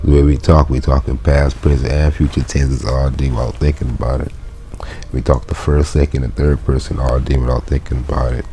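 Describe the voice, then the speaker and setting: A man's voice: extremely low pitch, little pitch movement, fairly quick, dark tone, slight background noise. A man reading a Latin textbook aloud and translating it in a casual, slangy way, breaking off with laughs and asides. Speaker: Latin teacher.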